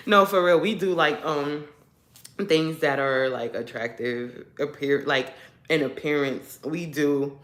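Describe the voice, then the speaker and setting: Chatting casually with viewers on her livestream, this woman speaks slowly in a low voice with lively intonation. The sound is roomy with a little hiss or hum, and she rambles through stories, laughs a lot, and sounds stuffed up.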